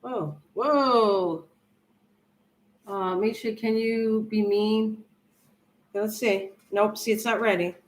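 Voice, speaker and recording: Here the same kind of older woman livestreams from her kitchen, cooking and chatting in a loose, friendly ramble while reading viewer comments aloud. Her mid-range voice holds a steady tone, and she moves slowly with frequent pauses.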